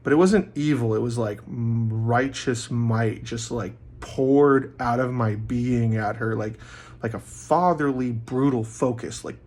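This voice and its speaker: Man vlogger, mid pitch, rambling casual monologue full of fillers, bursts into loud quoted voices. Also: a little slow. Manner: acts out quoted voices loudly.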